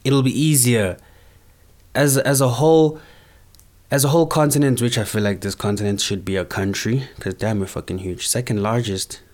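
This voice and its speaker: A man's voice: medium pitch, steady tone, moderate pace, a little mellow. A young man from South Africa talking casually in a rambling, slangy monologue.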